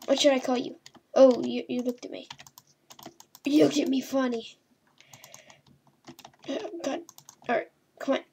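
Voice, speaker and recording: A woman's voice: high-pitched, steady tone, measured pace, long pauses, dark tone, a little hiss or hum. A woman hosting a gaming video, giving playful horror-game commentary and talking to the characters on screen. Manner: chatty, talks to game characters, mild swearing. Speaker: gaming channel host.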